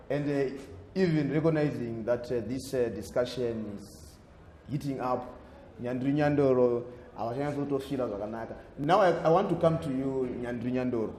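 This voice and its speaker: A man's voice: mid-range voice, warm tone, roomy sound, slight background noise. Formal Zimbabwean man moderating a debate. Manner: formal, hesitant with many uh fillers.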